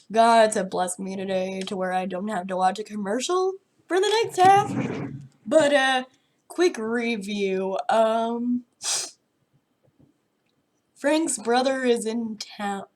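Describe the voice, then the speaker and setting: A woman's voice: a little high, a little mellow. A woman with a head cold and a sore throat, chatting in a nasal, stuffed-up voice on a casual TV reaction vlog, rambling and trailing off mid-sentence. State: sick with a head cold, congested. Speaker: TV reaction vlogger.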